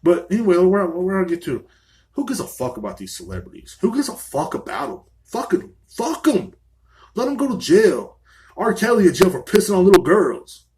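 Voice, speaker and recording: A man's voice: high voice, sing-song, moderate pace, darkish tone, slight background noise. A man hosting a solo podcast, ranting angrily and swearing constantly from a small room. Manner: angry, profane ranting. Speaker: podcast host.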